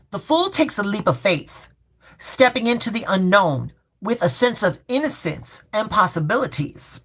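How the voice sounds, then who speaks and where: A woman's voice: mid-range voice, a bit bright. Folksy woman tarot reader, live stream. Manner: folksy and colloquial, calls viewers baby and y'all; reads affirmations slowly and repeats them.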